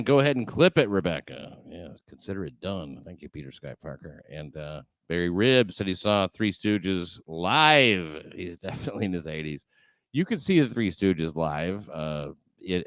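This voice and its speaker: A man's voice: low voice, a bit bright, dry recording, studio quality. A man hosting a casual late-night show, talking loosely with profane asides and laughter. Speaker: podcast host.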